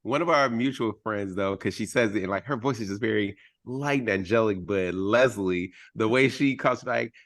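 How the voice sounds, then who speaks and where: A man's voice: on the low side, moderate pace, few pauses, a bit bright, dry recording, studio quality. A man chatting casually on a podcast with a playful, wry, teasing manner. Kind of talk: casual chat.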